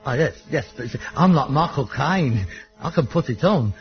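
A man's voice: mid-range voice, lively intonation, moderate pace, soft background music, lightly acted. An actor playing an exasperated, pretentious working-class man with a Cockney accent. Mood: peeved. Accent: Cockney London. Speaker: amateur actor. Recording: dull old TV sitcom recording.

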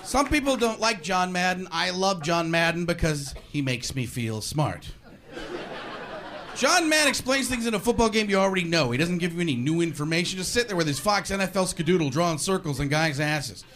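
A man's voice: sits high, animated, a little fast. A man performing a stand-up comedy set, ranting animatedly and slipping into voices. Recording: live stage audio with noise.

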